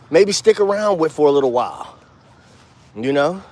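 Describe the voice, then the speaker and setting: A man teaching bass in a casual walk-and-talk outdoors, talking blunt street slang with cursing and counting beats out loud. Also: very animated, normal speed, long pauses. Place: outdoors, walking.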